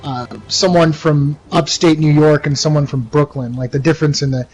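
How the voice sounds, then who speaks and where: A man's voice: on the high side, fairly even intonation, moderate pace, a little mellow, soft background music, poor audio. A young man from the United States chatting casually while livestreaming a game, rambling with many fillers and restarts. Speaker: livestreaming gamer.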